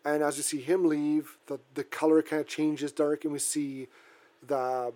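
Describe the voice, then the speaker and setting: A man from Canada casually recapping a horror film, talking in halting bursts with many restarts and fillers. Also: fairly high pitch, little pitch movement, mellow.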